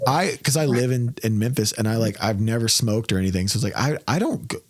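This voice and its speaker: A man's voice: medium pitch, expressive, quick pace, dry recording. A man hosting a podcast in casual chat, ranting and swearing with mocking voices. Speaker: podcast host.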